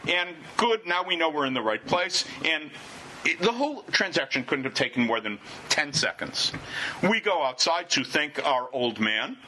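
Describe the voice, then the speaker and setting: A man spinning a personal anecdote with a fairly high, bright voice that swoops up and down as he tells it. His delivery is animated and wry, with self-deprecating asides, and a faint ambient hum sits behind him. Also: normal speed. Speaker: storyteller. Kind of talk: personal travel anecdote told to listeners.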